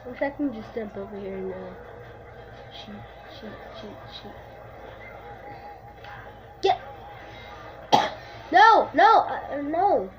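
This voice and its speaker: Young woman, high voice, let's play commentary; excitable, mutters to herself, sudden shrieks; dull lo-fi audio. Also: takes it slowly, pauses often. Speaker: gamer. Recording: slightly dull lo-fi recording.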